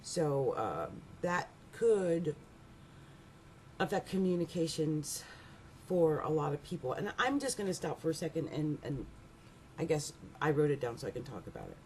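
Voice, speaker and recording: A middle-aged woman giving a rambling, animated astrology reading, laughing often and restarting her sentences. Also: low voice, moderate pace, slight background noise. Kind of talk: casual monthly astrology reading.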